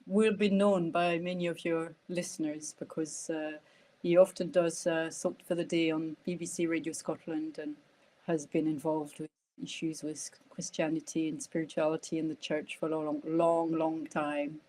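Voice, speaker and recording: A middle-aged woman from France with a French accent touched by an Irish lilt, talking slowly and hesitantly with many fillers in a podcast interview. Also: sits low, little pitch movement, mellow. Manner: hesitant, searching for words, frequent fillers and laughter. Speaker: guest, nonviolent communication trainer.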